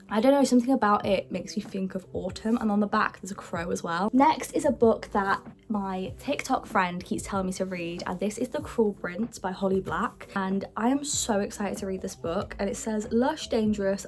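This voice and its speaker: A young woman talks through her books in a casual, chatty way, full of excitement and dropping into the odd hushed aside. Her voice sits at an ordinary middle pitch. Soft music plays faintly behind her. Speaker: book vlogger. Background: faint background music.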